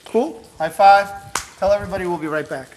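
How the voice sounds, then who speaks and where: A man's voice: sits high, brisk, darkish tone, a little hiss or hum, poor audio. Guy hosting a cooking show, chatty and upbeat, walks you through each step at the stove, light sizzle in back. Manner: chatty, encouraging, teasing. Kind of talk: upbeat instructional cooking demo.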